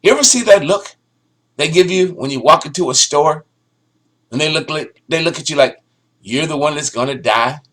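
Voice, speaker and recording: A man's voice: a little high, normal speed. A man giving sarcastic, ranting news commentary, often restarting his sentences. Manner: sarcastic, ranting, animated delivery with stammered restarts. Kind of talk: opinionated solo commentary.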